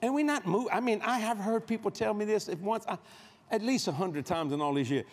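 A man's voice: high-pitched, brisk. A man preaching a humorous, folksy sermon as guest preacher at a convention, on a stage microphone. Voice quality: folksy, joking, storytelling delivery. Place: large convention hall stage.

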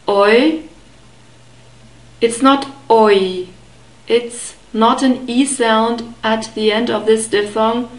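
A woman teaching a beginner language lesson, carefully modeling sounds and repeating words slowly. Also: fairly high pitch, echoey room, poor audio. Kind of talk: slow, deliberate pronunciation lesson.

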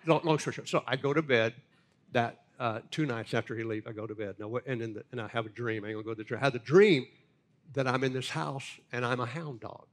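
An older man, a pastor telling folksy stories in a lively, animated way. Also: mid-range voice. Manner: animated, folksy storyteller with big laughs. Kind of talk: storytelling sermon talk.

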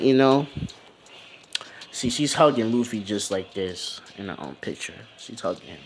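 A man casually telling a fan-fiction story in a loose, animated, rambling way. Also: mid-range voice. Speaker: channel host.

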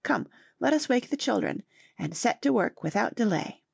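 A woman's voice: on the high side, lively intonation, normal speed, creaky, husky, dry recording, pitched above the performer's own voice, exaggerated voice. A woman reading the lines of a cheerful, steadfast mother in a storybook reading.

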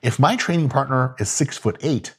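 A man's voice: medium pitch, expressive, moderate pace, husky. A man giving casual, profane, joking coaching talk about gym training. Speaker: fitness coach.

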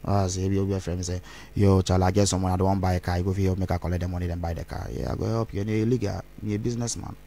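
Gravelly man, low voice. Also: little pitch movement, racing, few pauses, dark tone. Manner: rambling, mixes Twi into English. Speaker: interview guest. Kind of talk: candid interview talk.

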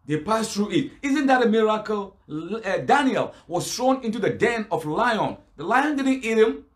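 A man with a notably high-pitched voice delivers an argumentative sermon. He keeps throwing out rhetorical questions and answering them himself, pressing his rebuttal point by point. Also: sing-song, normal speed. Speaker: Islamic preacher. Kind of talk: preaching rebuttal to a lecture crowd.

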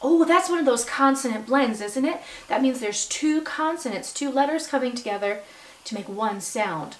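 High-voiced, slow, encouraging teacher woman. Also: recorded from a distance, a little hiss or hum. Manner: slow, encouraging, stretching out word sounds; bursts of high excited praise. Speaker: substitute teacher. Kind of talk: phonics lesson for young children. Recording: echoey room, voice from off-mic.

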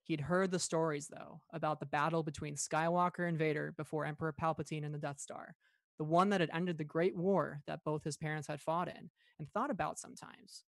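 A man podcast host reading a story aloud in a calm, steady read-along style, lightly voicing the dialogue. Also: on the high side, a little fast, creaky, no room sound.

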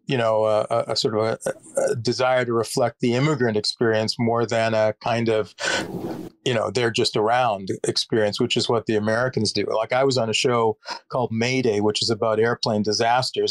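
A man with a Canadian accent speaks as an interview guest, thinking aloud with plenty of fillers and restarts. His voice sits in a middle pitch. The recording is dry and close, with no room sound. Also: dry recording. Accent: Canadian English. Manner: thoughtful, many fillers and restarts. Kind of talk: reflective conversational interview.

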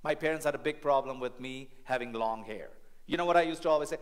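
A man preaching a sermon as family pastor in a church, animated and rhetorical, often checking in with the congregation. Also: medium pitch, quick pace.

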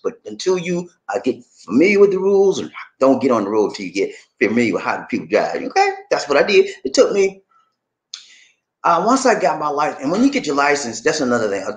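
A man from the USA giving casual, joking advice as a vlogger, full of streetwise slang and quick laughs. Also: a little high, sing-song.

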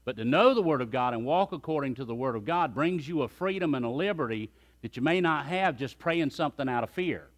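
A man's voice: mid-range voice, expressive, a little fast, hardly any pauses. A man preaching a sermon as pastor, emphatic and calling on the congregation to repeat phrases after him.

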